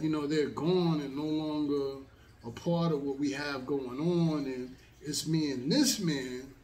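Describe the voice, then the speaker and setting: Slow, laid-back man telling a story. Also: fairly high pitch, darkish tone, reverberant, distant mic. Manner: laid-back, rambling, with many fillers. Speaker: host. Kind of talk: casual storytelling monologue.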